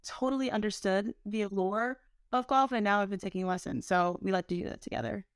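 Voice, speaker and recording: Smooth-voiced woman in casual interview. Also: medium pitch, steady tone, brisk, dry recording, clean studio sound. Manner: friendly, conversational, uses "like" often. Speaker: guest, healthcare executive.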